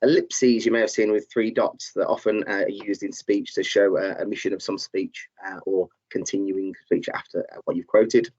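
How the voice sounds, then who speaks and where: A man's voice: on the low side, steady tone, moderate pace, few pauses, a little mellow. A man teaching a live online lesson, encouraging learners and reading out their chat answers, with many fillers. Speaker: tutor. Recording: slightly dull, muffled audio.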